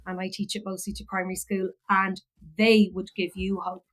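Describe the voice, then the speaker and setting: Irish woman guest, rambling heartfelt storyteller, lots of fillers, medium-pitched voice. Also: little pitch movement, moderate pace, rough recording. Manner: rambling, many fillers and restarts. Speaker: podcast guest, philosophy educator. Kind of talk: emotional personal storytelling.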